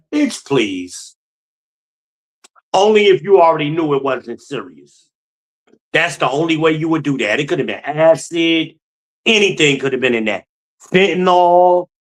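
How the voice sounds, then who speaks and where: A man's voice: fairly high pitch, fairly bright tone. Blunt, profane man ranting solo. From New Jersey. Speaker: podcast host. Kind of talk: solo opinion commentary.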